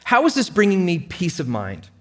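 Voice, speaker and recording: A man's voice: high-pitched, huge pitch swings, normal speed, breathy edge, in a large hall, pitched above the performer's own voice, exaggerated voice. A man voicing a determined mother who confronts an insurance company with pointed, indignant questions. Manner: indignant, pressing, sharp questions.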